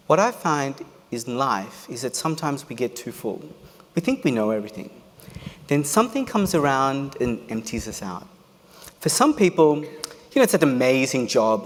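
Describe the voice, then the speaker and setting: A man delivers a motivational keynote with a lively, swooping voice, pitched a little high. He tells stories with humor and drama. His voice carries a long hall echo. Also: moderate pace. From Australia. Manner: animated storyteller, humorous asides. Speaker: keynote speaker. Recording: echoey hall.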